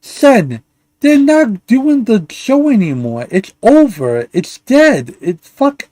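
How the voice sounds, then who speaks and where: Man, livestream host, profane angry rant, stammering restarts, slightly high voice, dry close sound. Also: very animated, slow pace, mellow, no room sound. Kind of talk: profane ranting stream talk.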